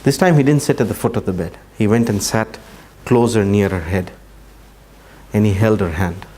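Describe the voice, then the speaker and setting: A man giving a talk to an audience, telling a story at an unhurried pace and dropping his voice to near-quiet at emotional moments. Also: fairly low pitch. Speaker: speaker at a training session.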